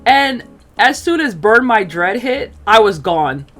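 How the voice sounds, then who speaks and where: A woman chatting casually as she tells a personal story, full of fillers, acting out quotes in an animated way. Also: on the high side, slow, faint music behind. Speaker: streamer telling a personal story.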